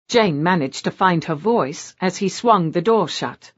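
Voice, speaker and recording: A woman narrates a novel in a lower register, her delivery rising and falling with animated expression. The recording is muffled and lo-fi, with the top end dulled. The reading is steady, scripted storytelling. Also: a little slow. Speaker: audiobook narrator.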